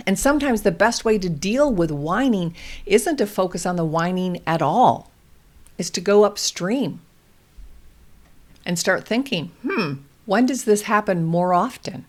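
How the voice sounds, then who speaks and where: A woman hosting a parenting show, explaining calmly and gently with example phrases for toddlers. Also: medium pitch, a little slow. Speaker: parenting podcast host. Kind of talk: calm instructional advice talk.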